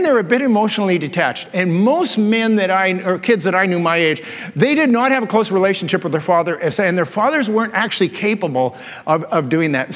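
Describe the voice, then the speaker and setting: An older man preaching a conversational sermon as a pastor, animated and telling stories with self-deprecating asides. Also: sits high. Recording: long reverb of a large hall.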